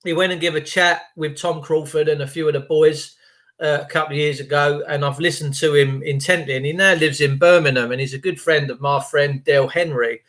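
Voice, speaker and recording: A man's voice: a little high, steady tone, fairly quick, a bit bright. A man telling a rambling story in a chatty, emphatic, repetitive way. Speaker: vlogger.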